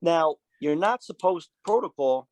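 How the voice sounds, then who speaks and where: A man's voice: on the high side, animated, measured pace, dry recording. A man, a biker club's sergeant at arms, telling stories as a podcast guest. He swears freely and acts out the dialogue. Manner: profane, vivid storyteller who acts out quoted dialogue. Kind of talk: storytelling in a casual interview.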